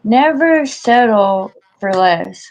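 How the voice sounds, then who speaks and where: A woman's voice: mid-range voice, animated, takes it slowly. A woman in casual chat, talking freely with many fillers, acted-out quotes and frequent laughs. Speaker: co-host. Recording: dull lo-fi audio.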